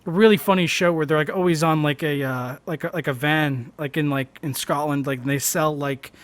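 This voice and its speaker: A man's voice: a little high, steady tone, moderate pace. A Northern Irish man co-hosting a casual tech podcast, chatty as he reads out requests from the chat. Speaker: podcast co-host.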